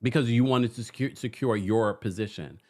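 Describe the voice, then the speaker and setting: A man with a lowish voice, speaking at a moderate pace, hosts a casual reality TV recap. He's animated, talking to his viewers, acting out quotes, and reading their comments aloud.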